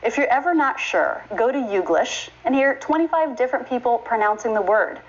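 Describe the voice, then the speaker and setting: A woman teaching pronunciation, saying each word slowly and carefully and repeating it for the listener to copy. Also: on the high side, animated. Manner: slow, careful modeling of words, repeats each one. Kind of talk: English pronunciation lesson. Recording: slightly dull recording with faint noise.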